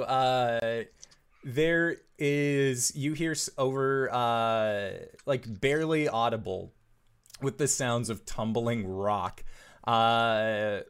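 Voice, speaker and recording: A man narrating a tabletop game as game master, slow and relaxed with many pauses. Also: on the low side, clear, resonant tone.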